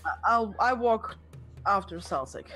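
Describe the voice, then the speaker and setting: A woman's voice: medium pitch, animated, a little slow, a bit bright, faint music behind. Argumentative woman playing a tabletop game. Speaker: player. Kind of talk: tabletop game role-play.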